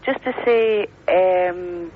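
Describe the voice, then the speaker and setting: A woman's voice: lowish voice, very slow. A middle-aged woman from Scotland with an Edinburgh accent, calling in to a radio phone-in and coaxing the host in a chatty, giggly way. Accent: Scottish, Edinburgh. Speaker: caller. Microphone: telephone. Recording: lo-fi phone line with faint hiss.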